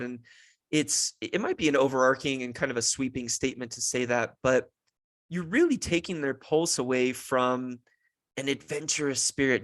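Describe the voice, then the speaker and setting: A young man talks through his parenting thoughts on his own podcast, earnest and reflective. His voice sits at an ordinary middle pitch and he leans on casual fillers. The sound is dry and close, with no room around it. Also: a bit bright, no echo. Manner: earnest, thoughtful, many "you know" fillers. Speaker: podcast host, father. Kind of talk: reflective solo podcast monologue.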